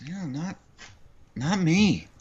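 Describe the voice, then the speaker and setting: A man's voice: on the high side, lively intonation, very slow, darkish tone, slightly rough, dull audio. A man co-hosting a film review podcast, dry and contrarian in casual banter. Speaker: podcast co-host.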